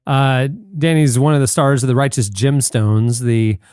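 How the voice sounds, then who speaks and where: A man co-hosting a podcast in casual chat, telling things in a quick, jokey way. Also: mid-range voice, a little mellow, clear, resonant tone, dry recording, clean studio sound. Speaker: podcast co-host.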